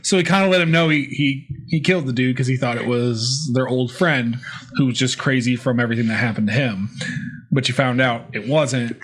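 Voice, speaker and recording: A man's voice: medium pitch, a little fast, fairly bright tone, husky. A man from central Pennsylvania, co-hosting a podcast in casual chat, who recaps plot points and finishes the others' sentences. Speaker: podcast co-host.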